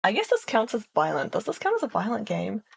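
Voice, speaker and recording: A woman's voice: medium pitch, huge pitch swings, fast talker, vocal fry, breathy edge. A woman streamer chatting casually with her viewers, playful and giggling often between phrases. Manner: playful, chatty, reads chat aloud.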